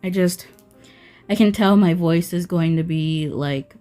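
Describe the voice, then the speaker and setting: A woman's voice: on the low side, mellow, faint music behind. A woman talking through a nail art tutorial in a casual, rambling voice-over, full of fillers like "um" and "like". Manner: slow, filler-heavy, rambling.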